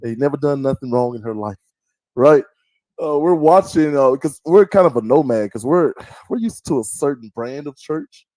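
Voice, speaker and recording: Chatty podcast host, dry studio. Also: male voice, medium pitch, animated, normal speed, warm tone, no room sound. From American South. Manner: chatty storyteller, mimics voices. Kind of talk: casual chat.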